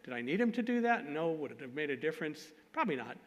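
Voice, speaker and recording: This is storytelling at a conference: a fast-talking man with a voice on the high side, animated and poking fun at himself with jokes he laughs along to. The hall adds a long reverb.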